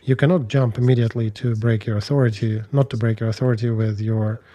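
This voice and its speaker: A man discussing war news in a measured, analytical way, speaking bluntly. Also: mid-range voice, fairly even intonation, warm tone.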